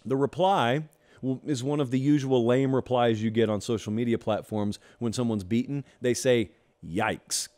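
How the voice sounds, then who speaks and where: A man's voice: medium pitch, steady tone, normal speed, mellow. A man hosting a college football talk show, delivering an emphatic, opinionated monologue with sarcastic asides.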